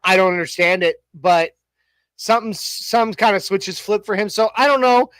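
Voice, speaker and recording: Man, sports talk co-host, high voice, dry close sound, rambling, joking. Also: moderate pace, a bit bright, smooth, dry recording, rough recording. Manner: rambling, lots of restarts and fillers, joking. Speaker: podcast co-host. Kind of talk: casual sports talk show chat.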